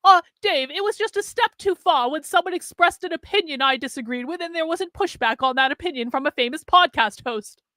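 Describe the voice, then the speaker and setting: A whiny, self-important man with a botched put-on accent, as a woman mocks him. The voice sits high and bright and sneers with exaggerated indignation. It is dry and close, with no room around it. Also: a little fast, hardly any pauses, no echo. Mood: mocking. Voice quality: mocking, exaggerated.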